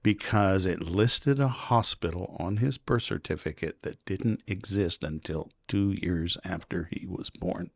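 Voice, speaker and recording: A man, a podcast guest, telling animated, rambling stories in casual chat. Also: deep voice, a little slow, vocal fry, few pauses, no room sound, studio quality. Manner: rambling, animated anecdotes with quoted voices. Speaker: podcast guest, local publisher.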